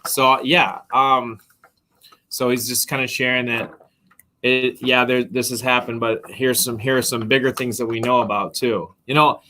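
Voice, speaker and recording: A man co-hosting a casual livestream chat, relaxed and adding quick asides. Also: medium pitch, a little hiss or hum. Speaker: livestream co-host.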